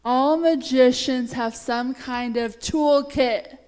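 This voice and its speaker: Congregant woman, high voice, earnest, listing things off. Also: slow, darkish tone. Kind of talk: casual sharing.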